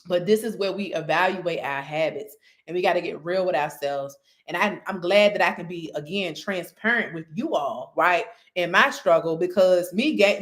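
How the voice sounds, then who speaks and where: Lady vlogging, just talking real open with her viewers, medium pitch. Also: fairly bright tone. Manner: chatty and candid, often addresses viewers as y'all. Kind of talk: casual faith-based talk.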